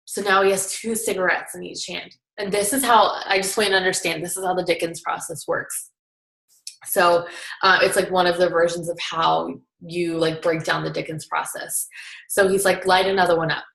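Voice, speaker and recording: A woman's voice: lowish voice, little pitch movement, moderate pace, vocal fry, fairly bright tone. A young woman telling a story in a casual chatty way, full of filler words. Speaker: guest recapping a seminar. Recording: roomy echo.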